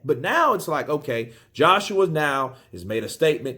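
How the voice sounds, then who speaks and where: Animated, profane male boxing commentator. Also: on the high side, normal speed, few pauses. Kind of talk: casual boxing commentary vlog.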